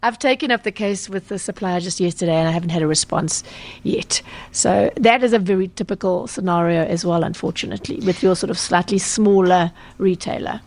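A woman with a South African accent, a consumer journalist answering questions on a radio talk show in a brisk, explanatory way with frequent ums and self-corrections. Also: lowish voice, darkish tone.

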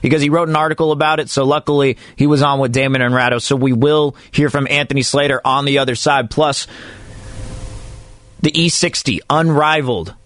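A man's voice: mid-range voice, a little fast, no echo. A man hosting a sports radio show, talking in a comic, mock-dramatic way. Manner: animated, mock-dramatic, comic slam-poetry delivery.

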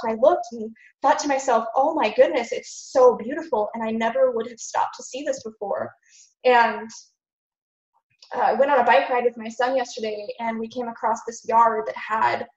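A woman speaks with earnest, lively warmth as a podcast guest, her fairly high voice a touch under the weather from being sick. She acts out her own inner thoughts as she tells her stories. The sound is muffled and echoey, like a remote call recorded in a bare room. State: a little sick. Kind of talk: casual interview talk.

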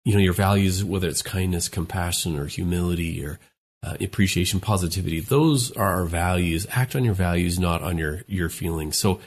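A man's voice: deep voice, fairly quick, slight background noise. A man co-hosting a podcast, giving earnest relationship advice in a casual discussion and acting out quoted lines. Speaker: podcast co-host, relationship expert.

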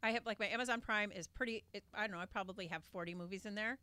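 A woman co-hosts a casual podcast and talks fast. She is blunt, swears freely, and mutters as she goes. Her mid-pitched voice is recorded dry and close. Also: sharp tone, no echo. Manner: quick, swearing, mumbles to herself. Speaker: podcast co-host.

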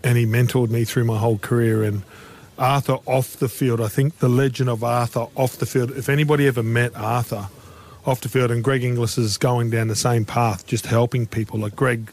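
A man talks footy on the radio with animated, storytelling energy. His voice sits in a plain middle register, and his tone rises when a story excites him. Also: mid-range voice, normal speed, slight background noise. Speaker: rugby league pundit. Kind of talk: casual radio chat.

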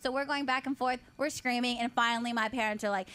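Animated woman in her twenties. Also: fairly high pitch, fast, few pauses. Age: 20s. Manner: animated, acts out family quarrels in voices. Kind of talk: casual chat.

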